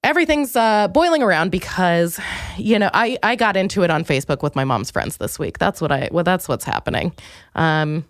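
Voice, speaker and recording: This young woman hosts a comedy podcast, talking fairly quickly through a rambling, casual monologue with self-deprecating asides and bursts of high, excited quoting. The studio-quality audio has no room sound.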